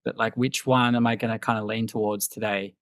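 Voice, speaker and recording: A man in his thirties, a guest musician thinking aloud in a relaxed podcast chat, full of fillers and restarts. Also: fairly low pitch, brisk, no room sound, clean studio sound. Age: 30s. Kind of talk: casual podcast conversation.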